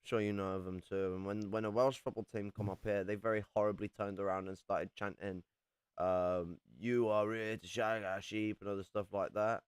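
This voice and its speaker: A man's voice: deep voice, level tone, brisk, clean tone, no echo. A young man from England in casual chat, rambling and swearing a lot as he talks.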